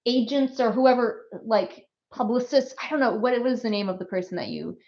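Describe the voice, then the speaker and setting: A woman hosting a casual livestream as an author, chatty and quick to laugh, full of little asides. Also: a little high, darkish tone. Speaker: author hosting a book release stream. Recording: slightly muffled stream audio.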